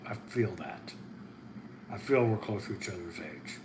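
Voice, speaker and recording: A man hosting a livestream, chatting casually, excitable and rambling, hopping from topic to topic and reading out viewer comments. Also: deep voice, a little slow, noisy background. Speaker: channel host reading live chat.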